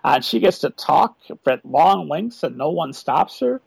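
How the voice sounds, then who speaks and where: A man, an author, answering interview questions about a children's book with eager, animated talk. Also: on the high side, unhurried, creaky, husky, no echo, poor audio. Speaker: author and podcast guest.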